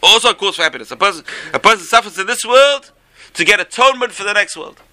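A man's voice: sits high, expressive, quick pace, sharp tone, low-quality recording. A man teaching a religious class who speaks in exclamations and uses Hebrew terms. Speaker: Torah teacher.

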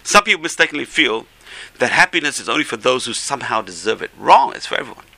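Man, Torah teacher, gravelly, very bright forceful tone, exclamatory lecture with Hebrew terms. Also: medium pitch, very animated, fast talker, low-quality recording. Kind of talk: religious class lecture.

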